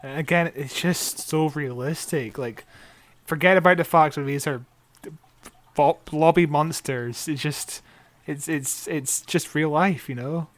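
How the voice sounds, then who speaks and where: A man's voice: a little high, measured pace, no echo. A man co-hosting a casual podcast chat, agreeable and explaining his points earnestly. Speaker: podcast co-host.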